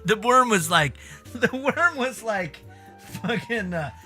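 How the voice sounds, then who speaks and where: Man, casual reaction chat, incredulous, bright, animated. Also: sits high, takes it slowly, faint music behind. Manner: incredulous, laughing, profane. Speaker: streamer.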